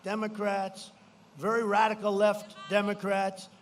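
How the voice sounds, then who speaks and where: Male politician, raised pitch, loose repetitive rally delivery with mocking asides, faint background hum. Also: monotone, measured pace. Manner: rambling, repetitive, swings into shouted punchlines; mocking mimicry of opponents. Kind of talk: campaign rally speech.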